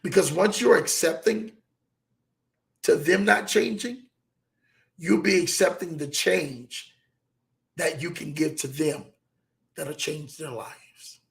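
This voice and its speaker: Gravelly-voiced guy giving a motivational talk, kinda high, repeats stuff slow for emphasis. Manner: preachy, repeats key lines, slows for emphasis. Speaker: motivational show host.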